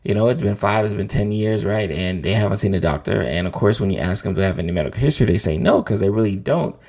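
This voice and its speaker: A middle-aged man, a physician hosting a show, talks fast in a lowish, mellow voice with lively intonation and some vocal fry. His casual educational talk explains checkups conversationally, with frequent "right?" tagged onto his lines.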